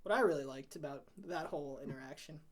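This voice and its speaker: A man's voice: a little high, fast talker. A man co-hosting a comedy podcast, teasing his partner with dry jokes and frequent giggles. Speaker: podcast co-host and editor. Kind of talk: improvised comedy bit.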